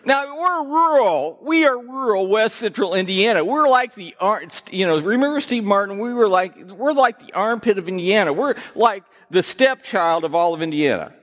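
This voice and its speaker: A man preaching a sermon, telling jokes and gently teasing himself and his listeners. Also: sits high, moderate pace, hardly any pauses. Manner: joking, self-teasing, lively. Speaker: pastor. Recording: reverberant hall.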